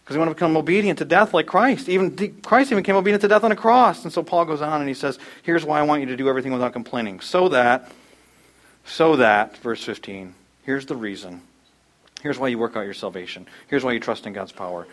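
Animated male preacher. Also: quick pace. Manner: animated, acts out quoted voices with sudden loud high bursts. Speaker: pastor. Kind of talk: sermon.

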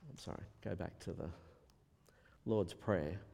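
A man preaching a sermon as a pastor, animated and acting out the voices he quotes. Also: low voice, measured pace, creaky. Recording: long hall reverb.

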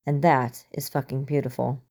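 A woman's voice: rumbling low, level tone, normal speed, dark tone. A woman voicing an exasperated, hungover female agent with a dry, clipped delivery, in a storybook reading.

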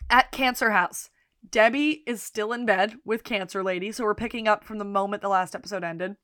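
A woman co-hosting a podcast, casually recapping episodes and slipping into quick voices for the characters. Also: medium pitch, dry recording, studio quality. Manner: retells scenes, quoting characters in lively voices. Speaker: podcast co-host.

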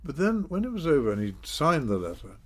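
An older man, telling his story in a measured, self-deprecating way in an interview. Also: fairly high pitch, sing-song. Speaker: interview guest, former politician. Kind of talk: reflective storytelling.

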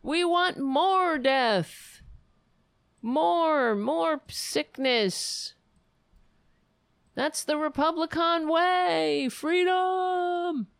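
A woman voicing a sneering mock protester in a sarcastic, drawn-out parody. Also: very high voice, creaky, dry recording, studio quality, pitched above the performer's own voice, full character voice.

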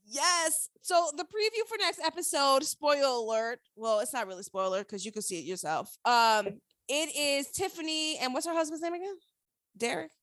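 A woman recapping a TV episode in casual chat, animated, opinionated and profane. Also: sits high, moderate pace, dry recording.

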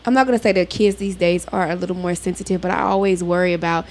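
A woman's voice: fairly low pitch, fairly even intonation, fast, a little mellow. A woman in casual chat among friends, speaking candidly and reflectively.

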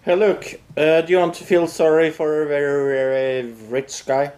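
A man co-hosting a podcast, bringing up topic updates in a casual, halting way with many fillers. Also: a little high, flat delivery, darkish tone. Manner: introduces topics with many uhs and short backchannels. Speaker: podcast co-host. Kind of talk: casual news discussion.

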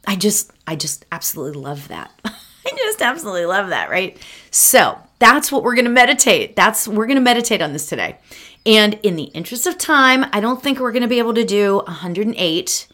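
A woman's voice: medium pitch, a bit bright. Sing-songy woman leading a meditation. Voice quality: musical, sing-song delivery. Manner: upbeat, chatty, says "right?" often. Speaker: meditation teacher. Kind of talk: guided meditation with chanting.

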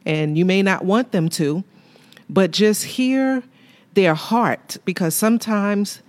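A woman co-hosting a faith talk show with her husband, speaking candidly and with humor about marriage. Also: fairly low pitch.

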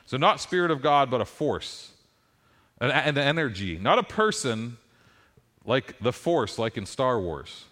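A middle-aged male pastor preaches a sermon in an even, mid-range voice. He tells stories with animated, rising emphasis. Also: mid-range voice, moderate pace.

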